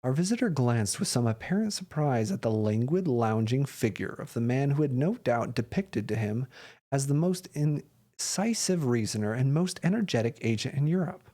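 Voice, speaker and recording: A man reading a classic story aloud with expressive narration. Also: mid-range voice, normal speed.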